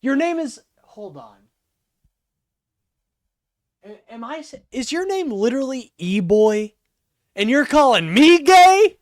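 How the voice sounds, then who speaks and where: Man, stream host, slow, animated pitch, halting, dry close mic. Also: dry recording. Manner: halting, quick to apologize, laughs often. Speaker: livestream host taking call-ins. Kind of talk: casual political livestream chat.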